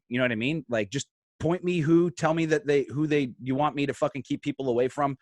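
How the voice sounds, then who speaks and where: A podcast guest tells a story on a casual show, animated and swearing freely as he acts out what the people in it said. His mid-range voice runs a little fast, with clean studio sound and no echo.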